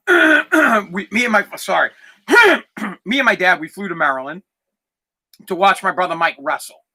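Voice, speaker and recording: A podcast host in his thirties, close to tears, tells a personal story in a candid, rambling way with a lot of swearing. His voice is high, pushed and bright.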